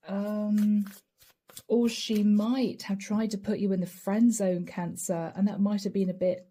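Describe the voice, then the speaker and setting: Woman tarot reader, middle pitch, warm mellow tone, chatty, addresses the viewer directly. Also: level tone, unhurried. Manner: chatty, laughs often, talks straight to the viewer. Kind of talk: casual tarot reading.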